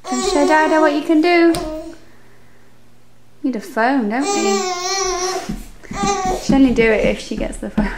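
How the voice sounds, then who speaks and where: At home indoors, a young mother coos sing-song baby talk, recorded on her phone camera in a noisy home video. Her voice is high-pitched, expressive and creaky, with a measured pace and frequent pauses.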